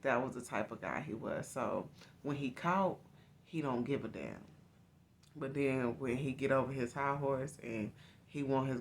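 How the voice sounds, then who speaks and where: A woman's voice: extremely low pitch, a little hiss or hum. A woman host telling her own life story to her viewers in a candid, confiding, casual way.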